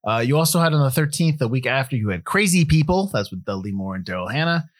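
A man's voice: medium pitch, expressive, quick pace, no echo, clean studio sound. A man co-hosting a film podcast, joking around while running through release facts in a breezy way. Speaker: podcast co-host. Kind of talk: casual film podcast chat.

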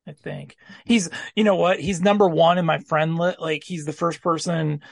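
A man's voice: a little high, steady tone, normal speed, gravelly, dry recording, clean studio sound. A man hosting a podcast in casual, jokey chat, laughing often. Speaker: podcast host.

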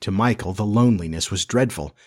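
Low, husky male storyteller. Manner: measured storytelling. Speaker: audiobook narrator. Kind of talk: scripted narration.

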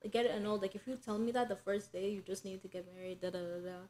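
A woman's voice: medium pitch, fairly even intonation, rapid-fire, a little mellow. A young woman co-hosting a casual podcast chat, talking loosely with lots of "like" fillers and thinking aloud. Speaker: podcast co-host.

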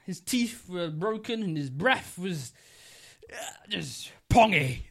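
A man's voice: sits high, expressive, slow pace, a little hiss or hum. Giggly young man telling a story. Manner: giggly, rambling, playful. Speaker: podcast co-host. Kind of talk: casual podcast chat, improvised storytelling.

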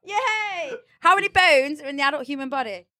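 A woman's voice: sits high, animated, brisk, bright, forceful tone. Playful woman running a quiz. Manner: playful, teasing, gives clues. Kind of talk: casual quiz chat.

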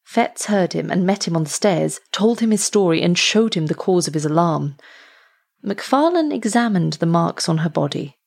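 Woman narrator, audiobook reading, husky gravelly voice, measured pace. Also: lowish voice. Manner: steady, measured storytelling.

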